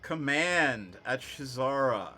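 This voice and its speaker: Lively, unhurried male game master. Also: medium pitch, faint music behind. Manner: easygoing, laughs often while narrating. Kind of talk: narrating a tabletop game. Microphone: online voice chat microphone.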